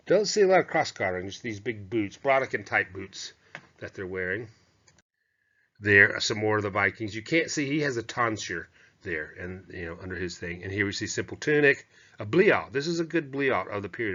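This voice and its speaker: A man's voice: lowish voice, expressive, moderate pace, bright, forceful tone. A man giving a chatty, digressive lecture on historical costume, talking through slides with fillers and asides. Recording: dull, muffled lo-fi lecture recording.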